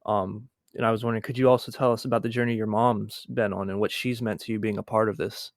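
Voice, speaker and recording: A man hosting a podcast interview, appreciative, asking gentle follow-up questions. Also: lowish voice, flat delivery, quick pace, dry recording, studio quality. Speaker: podcast host.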